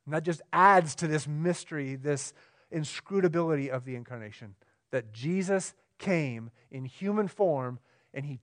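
A pastor preaching a sermon, swinging between emphatic, raised lines and quiet, low ones, often checking in with the congregation. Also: male voice. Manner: asks the room questions, conversational.

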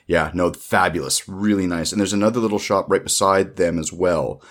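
A man's voice: sits low, brisk. A man chatting casually as a podcast co-host, rambling with many fillers and restarts. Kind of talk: casual chat.

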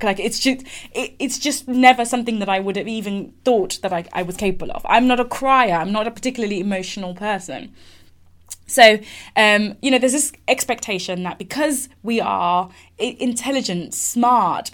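A woman, candidly telling a personal story in a reflective way, with frequent fillers and restarts. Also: fairly high pitch. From England. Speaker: speaker sharing a personal story.

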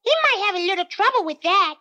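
A cheerful little furry red monster, childlike, who always talks about himself in the third person. His voice sits extremely high and sounds bright and sharp, like a puppet show. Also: expressive, quick pace, exaggerated voice.

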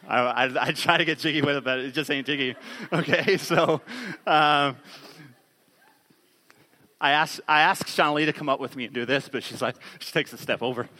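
A man in his thirties preaching a sermon on stage, telling a family story with lively acted-out quotes. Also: a little high, measured pace, pauses often, in a large hall. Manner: animated storytelling, acts out quotes. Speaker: pastor.

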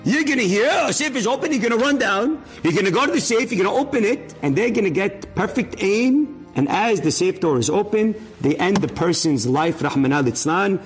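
A man's voice: high-pitched, moderate pace, hardly any pauses, soft background music. A man telling an inspirational religious story as a sermon, acting out the voices of its characters. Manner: animated, acts out dialogue of the story's characters.

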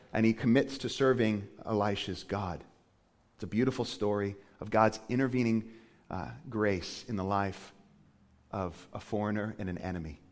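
A male pastor preaching a sermon with animated storytelling, often slipping into quoted voices. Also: medium pitch.

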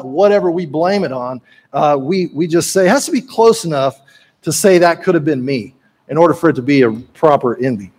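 High-voiced preacher, folksy sermon. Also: male voice, brisk, darkish tone, slightly rough. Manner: folksy, conversational preaching with joke-telling asides. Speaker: pastor.

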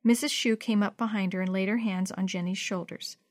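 A woman narrating a children's storybook in a gentle, steady read-aloud manner. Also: medium pitch, fairly quick, dry recording, clean studio sound.

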